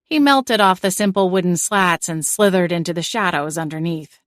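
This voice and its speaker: A woman reading a cozy audiobook in first person with wry, lively storytelling. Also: fairly low pitch, moderate pace, no echo, clean studio sound. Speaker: audiobook narrator.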